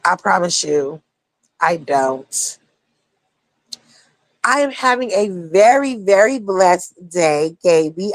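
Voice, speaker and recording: A woman's voice: medium pitch, no room sound. A young woman talking casually on a livestream, blunt and profane, rambling between topics as a streamer.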